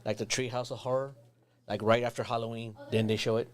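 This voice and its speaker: A man's voice: medium pitch, flat delivery, fast talker. A man co-hosting a casual talk show, joking and a bit scattered. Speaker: podcast co-host. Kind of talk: casual chat.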